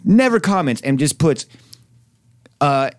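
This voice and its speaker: A man's voice: a little high, expressive, slow pace, dry recording, studio quality. A man in his forties hosting a radio show, telling a heated, profane story in casual chat.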